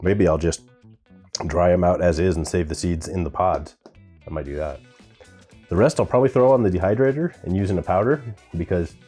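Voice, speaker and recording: His voice sits low and sounds warm as this gardening and pepper-tasting channel host talks to camera in a casual vlog style. He confesses that plant names defeat his pronunciation.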